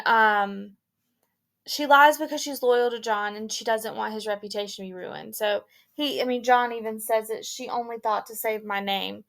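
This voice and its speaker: A woman teacher talks students through a play in a casual, chatty way. Her voice sits a bit high with a noticeable gravelly fry. She recaps the scene loosely, with plenty of conversational fillers. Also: fairly bright tone. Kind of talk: explaining a play between readings.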